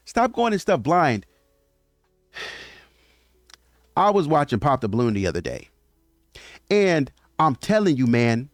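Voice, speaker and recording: Animated man ranting about dating. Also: mid-range voice, dry recording, studio quality. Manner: animated, acts out quotes of others. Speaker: host. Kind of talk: casual commentary monologue.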